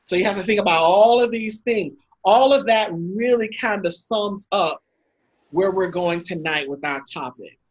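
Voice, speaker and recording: Husky-voiced woman telling stories. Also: mid-range voice, moderate pace, low-quality recording. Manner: animated anecdotes, acts out quotes with laughs. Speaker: host. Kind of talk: casual storytelling talk. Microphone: video call.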